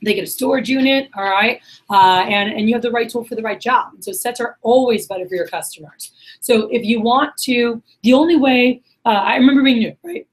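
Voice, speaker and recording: In a meeting room, a young woman runs a sales workshop for a group, her voice fairly high and quick. The recording quality is low. As a sales trainer she's chatty and energetic, quizzing the room and acting out how customers react.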